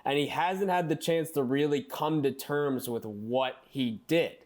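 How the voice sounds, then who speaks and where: A man's voice: a little high, a little slow. A man co-hosting a casual movie podcast, retelling scenes and acting out quotes. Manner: animated, acts out quotes in character voices. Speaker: podcast co-host.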